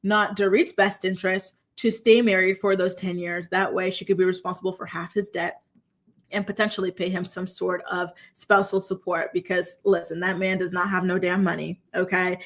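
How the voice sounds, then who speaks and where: A woman's voice: on the low side, little pitch movement, moderate pace. Sassy woman host dishing gossip. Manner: sassy, blunt, chatty; talks straight to live chat viewers. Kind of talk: casual reality TV recap commentary.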